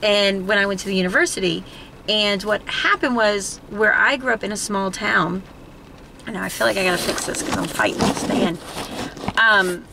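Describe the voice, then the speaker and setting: A woman's voice: mid-range voice, moderate pace, gravelly, noisy background. A middle-aged woman from South Florida with a Southern accent, chatting casually and telling stories full of quoted asides. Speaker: channel host. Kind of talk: casual chat. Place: home room, indoors, fan running.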